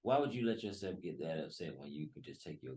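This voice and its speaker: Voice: deep voice, sing-song, quick pace, warm tone. A guest in a casual podcast chat, teasing and joking with the hosts. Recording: echoey room.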